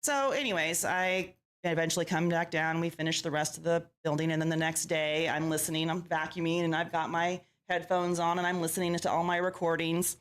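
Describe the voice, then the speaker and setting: A woman who investigates ghosts, a guest on an interview show, telling her stories in a lively way and acting out the lines people said. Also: lowish voice, brisk, few pauses. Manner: lively storyteller who acts out quoted lines. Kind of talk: casual interview storytelling.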